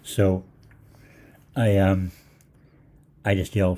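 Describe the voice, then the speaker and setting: An older man with a deep, dark-toned voice speaks briskly while hosting a live Q&A as a holistic practitioner. His anecdotal stories ramble and meander, full of fillers and restarts, and he acts out the voices of the people in them.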